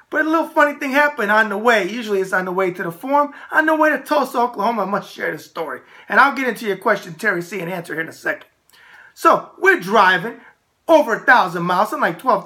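A middle-aged man with a New York accent hosting a casual talk show, telling brash, animated stories. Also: very high-pitched. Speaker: host.

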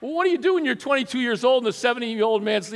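A middle-aged man giving a storytelling sermon as guest preacher, folksy and animated, his voice jumping up for punch lines. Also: extremely high pitch, rapid-fire. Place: church sanctuary. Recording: long church reverb.

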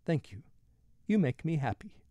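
Male reader voicing a steady old fisherman; mellow, calm, plain-spoken. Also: on the high side, moderate pace, no echo, highs cut off. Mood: gentle. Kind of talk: audiobook reading.

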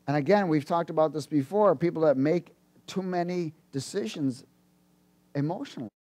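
High-voiced animated male preacher. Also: moderate pace. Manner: animated, swings from loud bursts to low asides. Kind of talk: sermon.

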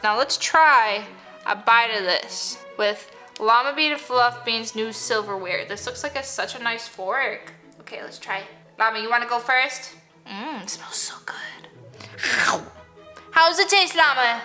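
A woman vlogging playfully with her plush toys, excitable and coaxing, often gasping. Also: fairly high pitch, measured pace, roomy sound, faint music behind. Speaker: toy vlogger.

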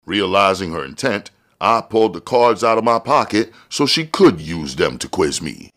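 Deep-voiced man reading a novel aloud. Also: normal speed. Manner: expressive storytelling with casual swearing. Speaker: audiobook reader. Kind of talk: first-person novel reading.

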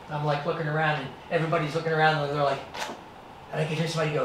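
A man's voice: a little high, little pitch movement, rapid-fire, a bit bright, slight background noise. Man telling a dramatic story, echoey room. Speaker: actor and martial artist giving a presentation. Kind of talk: motivational storytelling to students. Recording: echoey room, distant mic.

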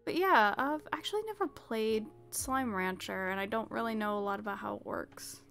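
She's a drowsy woman streamer whose slightly high voice has a creaky edge, backed by soft music. Chatting casually, she stretches her words, drifts off between thoughts, and laughs softly.

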